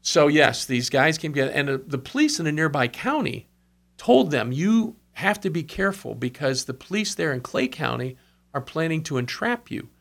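A man's voice: fairly high pitch, big pitch swings, moderate pace, gravelly, a bit bright. A man telling revival stories in conversation, earnest, with asides and quoted speech. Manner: earnest storyteller, quotes others, brief asides. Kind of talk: storytelling in conversation.

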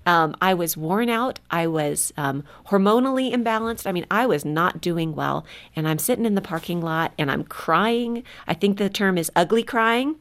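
Middle-aged woman, lowish voice, lively storyteller, laughs a lot, acts out quotes. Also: normal speed, few pauses. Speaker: guest. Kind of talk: faith storytelling in casual talk.

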